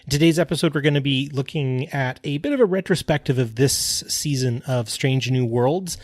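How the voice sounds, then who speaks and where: A man's voice: medium pitch, moderate pace, dry recording. A man co-hosting a podcast in a chatty manner with many fillers. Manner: chatty, with frequent fillers and restarts. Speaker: podcast co-host. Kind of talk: casual podcast chat.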